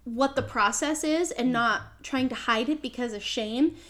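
Woman co-host, high voice, thoughtful and measured, casual chat. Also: a bit bright. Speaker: podcast co-host. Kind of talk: casual discussion.

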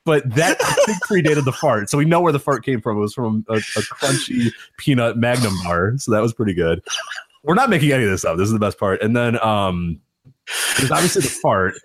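A man's voice: medium pitch, a little fast, a little hiss or hum. A man co-hosting a casual podcast, telling stories with lots of laughter and acting out quotes from others. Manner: animated storytelling, acts out quotes, laughs often. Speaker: podcast co-host. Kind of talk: casual wrestling podcast chat.

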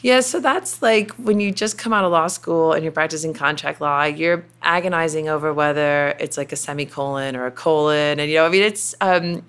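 A middle-aged woman from Kentucky, a company president, tells her story as an interview guest in a chatty conversation full of fillers. She has a Southern accent and a low, smooth, fairly bright voice, speaking at normal speed with few pauses.

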